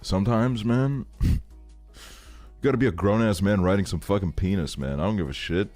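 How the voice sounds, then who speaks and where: Soft background music plays as a tired twenty-something man tells a meandering story to his stream. His voice is lowish and a little dark, at normal speed, and he laughs frequently and curses plenty in the casual chatter.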